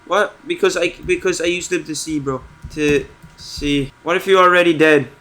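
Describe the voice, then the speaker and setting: A young man doing casual, joking commentary on a horror game, reading its questions aloud slowly and answering sarcastically. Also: a little high, fairly even intonation, fairly bright tone. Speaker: gaming streamer.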